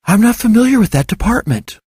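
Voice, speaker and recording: A man voicing a soft-spoken, sheepish young female office clerk who is easily impressed, in a fiction reading. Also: high voice, sing-song, brisk, breathy edge, no room sound, clean studio sound, voice pushed up, heavily acted. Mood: soft, curious. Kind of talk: audiobook character voice.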